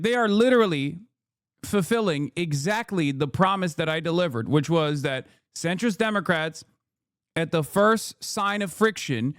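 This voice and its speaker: A man's voice: high-pitched, no echo, studio quality. A man in his thirties with an American accent, ranting heatedly as a political streamer, profane and repetitive. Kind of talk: ranting commentary.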